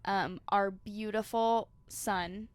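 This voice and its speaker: A woman's voice: mid-range voice, fairly even intonation, slow, no echo. A young woman guest co-hosting a podcast in casual chat, upbeat and cheerful. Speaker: guest co-host.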